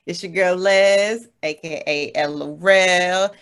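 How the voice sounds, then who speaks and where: A woman's voice: lowish voice, fairly even intonation, unhurried, a bit bright, clear, resonant tone. Friendly woman co-hosting a podcast. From Texas. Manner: friendly, chatty, laughs easily. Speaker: podcast co-host. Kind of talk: casual podcast chat.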